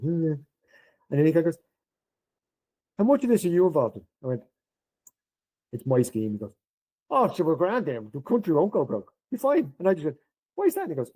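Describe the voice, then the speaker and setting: A man's voice: medium pitch, slightly rough, rough recording. A middle-aged Irish man, a podcast guest, telling an anecdote and acting out the lines of the people in it. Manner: animated storyteller acting out quoted dialogue. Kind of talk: anecdotal interview storytelling.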